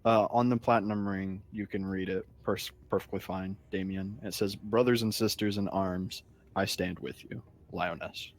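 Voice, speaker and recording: A man taking his turn in a tabletop game, talking through what his character does and reads. He hesitates often and fills gaps with uh. His voice sits low. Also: fairly even intonation. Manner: halting, in-character description with fillers. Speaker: player.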